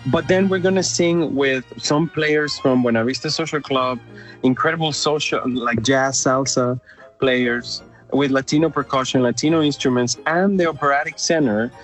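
A man from Mexico with a Mexican Spanish accent, an opera company director speaking in an enthusiastic, casual interview and often restarting his sentences. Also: medium pitch.

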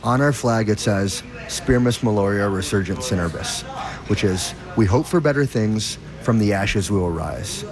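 A man's voice: on the low side, normal speed, music in the background. A man, a food influencer, speaking earnestly in an interview. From Detroit. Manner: earnest and heartfelt.

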